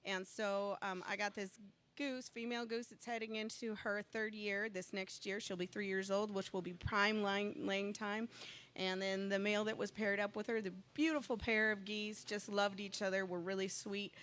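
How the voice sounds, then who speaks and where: A woman chatting casually as a guest, telling a long rambling story and getting excited as it goes. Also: medium pitch, normal speed. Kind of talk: casual chat.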